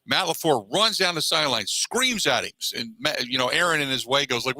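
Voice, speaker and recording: A man's voice: medium pitch, animated, a little fast, pushed and bright, no room sound, low-quality recording. A man hosting a sports talk radio show, reading a sponsor spot and asking a guest long questions. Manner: reads ad copy then asks long questions.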